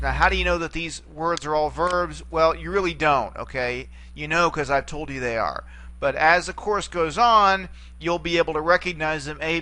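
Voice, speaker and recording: A man's voice: fairly high pitch, pushed and bright, a little hiss or hum. A man giving a recorded language lesson, explaining rules step by step and often checking in with "okay?". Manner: repeats words and checks in with "okay?". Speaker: Greek teacher. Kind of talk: recorded lecture.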